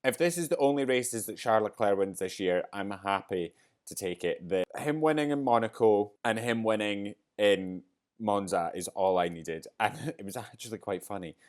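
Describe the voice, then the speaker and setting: A man hosting a podcast, chatting casually and excitably through a race review, rambling and getting teary and choked up along the way. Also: on the low side, moderate pace. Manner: excitable, rambling, gets emotional. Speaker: podcast host.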